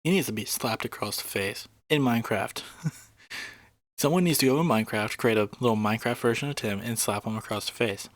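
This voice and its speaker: A man's voice: mid-range voice, brisk, dry recording. Indignant man swearing through a reaction. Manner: indignant, swears freely, laughs scornfully. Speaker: reaction video host. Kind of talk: casual reaction commentary.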